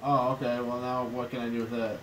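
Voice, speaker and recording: A man's voice: mid-range voice, flat delivery, brisk, slight background noise, low-quality recording. A man playing a video game, bragging brashly and swearing as he plays. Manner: brash, swaggering, profane. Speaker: player. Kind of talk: casual gaming banter.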